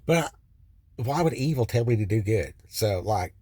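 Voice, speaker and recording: A man's voice: fairly low pitch, animated, normal speed, mellow, breathy edge, no echo. A man telling a raw personal story from his car, swearing freely and circling back with many fillers and restarts. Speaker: vlogger sharing a personal testimony. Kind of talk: rambling first-person storytelling. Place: in a car by the roadside.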